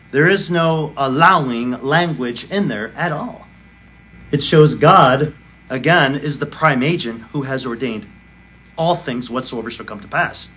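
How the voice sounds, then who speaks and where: A man's voice: fairly high pitch, fairly bright tone. A male pastor preaching a sermon, arguing emphatically and firing off rhetorical questions. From United States.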